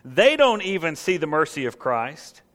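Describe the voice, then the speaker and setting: A man preaching a sermon in an animated way, asking the congregation rhetorical questions and acting out the scene. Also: a little high, moderate pace, long reverb tail. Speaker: pastor.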